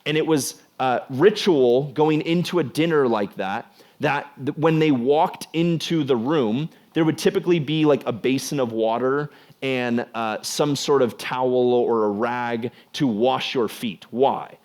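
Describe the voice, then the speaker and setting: A young man preaching to a youth group in a loose, chatty way, scattering "like" through his sentences. His voice sits at an ordinary middle pitch for a man. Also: measured pace, darkish tone. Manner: conversational, filler-heavy with frequent "like". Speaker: youth pastor. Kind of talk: casual youth sermon.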